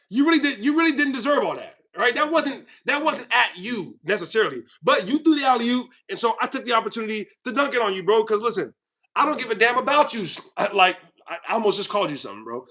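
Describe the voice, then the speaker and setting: High, bright-voiced man ranting heatedly. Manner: heated, confrontational, repetitive, swings loud and quiet. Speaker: channel host. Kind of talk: ranting commentary to viewers.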